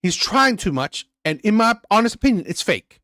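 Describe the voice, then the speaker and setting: A man's voice: high-pitched, very animated, moderate pace, bright, forceful tone, no echo, clean studio sound. A man hosting a reaction channel, ranting bluntly and crudely about a played clip. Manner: blunt, crude, repetitive and heated.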